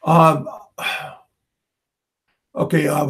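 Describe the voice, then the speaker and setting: A man hosting a casual livestream, reading viewer comments aloud and answering them in a halting way, with frequent repeats and restarts. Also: a little high, a bit bright. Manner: slow, chuckling, talks back to chat. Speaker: livestream host.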